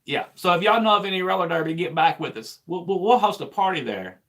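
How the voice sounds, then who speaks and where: A man's voice: sits high, animated, fast talker, a bit bright. Easygoing trucker man. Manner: easygoing and joking, stammers over his words. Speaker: trucker and livestream co-host. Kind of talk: casual live-stream chat.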